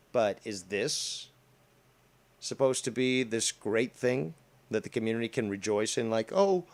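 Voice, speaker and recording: A man hosting a stream, talking over clips with biting sarcasm. He swears freely and mocks what he plays. His voice sits at an ordinary male pitch. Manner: sarcastic, profane. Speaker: stream host. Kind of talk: mocking commentary on clips.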